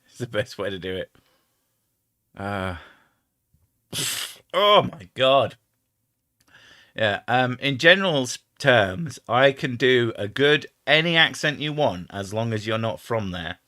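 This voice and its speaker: A man's voice: mid-range voice, animated, slow pace, pauses often, bright, forceful tone, no echo, clean studio sound. A young English man from the home counties hosting a casual chat, swearing freely and trying out accents. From England, home counties. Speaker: host.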